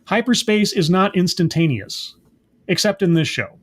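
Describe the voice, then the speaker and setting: A man's voice: high voice, lively intonation, normal speed, slightly rough. A man giving a sarcastic, exasperated episode recap as a show reviewer, rambling and mocking.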